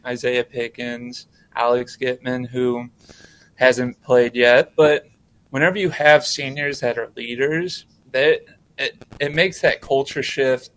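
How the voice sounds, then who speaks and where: A man who coaches high school basketball, answering interview questions in a halting way, often repeating words. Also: fairly bright tone.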